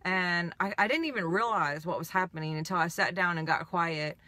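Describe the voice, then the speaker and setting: Bright-voiced woman sharing a personal story. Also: fairly low pitch, no room sound. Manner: candid, halting, emotional storytelling. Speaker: healing coach. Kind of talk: personal reflective monologue.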